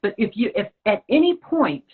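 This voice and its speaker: A woman with a fairly high, husky voice speaks at a moderate pace as a podcast guest, sharing a personal story in conversation. Hailing from the Rocky Mountain region of the US, she acts out the dialogue with lively storytelling, heard over a lo-fi, phone-like line.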